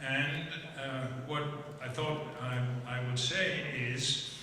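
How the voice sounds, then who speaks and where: A man with a bright, forceful voice leads a conversation on stage, choosing his words slowly with frequent hesitations. He sounds far from the microphone, in a big hall with long reverb. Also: mid-range voice, fairly even intonation. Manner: halting and measured, many hesitant fillers. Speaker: moderator of the conversation. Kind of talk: unscripted panel conversation. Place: large event hall with a live audience. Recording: roomy hall echo, distant, faint hiss.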